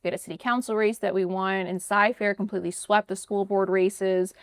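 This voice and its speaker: Fast-talking woman hosting a politics interview. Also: medium pitch, steady tone, clear, resonant tone, no room sound, studio quality. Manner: brisk, conversational, many fillers like "you know" and "like". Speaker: podcast host.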